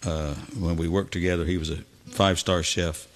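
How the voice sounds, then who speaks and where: A man's voice: low-pitched, level tone, moderate pace. A man, a singer and guitarist hosting a live music stream, telling a story between songs in a folksy, chuckling way. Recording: with loud guitar music behind.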